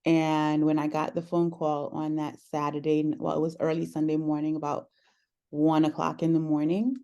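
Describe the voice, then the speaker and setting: A woman talking through a personal story in conversation, earnest and reflective, often pausing with "um". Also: low-pitched, completely flat delivery, warm tone. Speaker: podcast host sharing her story as guest.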